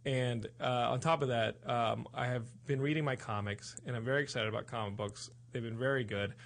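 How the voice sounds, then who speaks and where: A man hosting a podcast in casual chat, rambling and excitable. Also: medium pitch, brisk, gravelly. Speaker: podcast host.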